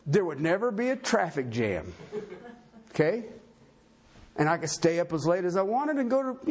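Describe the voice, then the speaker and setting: A man preaching with a husky, fairly high voice. His pitch swings widely as he jokes at his own expense and fires rhetorical questions at the room. The delivery is folksy and conversational. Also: big pitch swings, moderate pace, long pauses, a little mellow. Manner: folksy, self-deprecating humor with rhetorical questions. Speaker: pastor. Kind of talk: sermon.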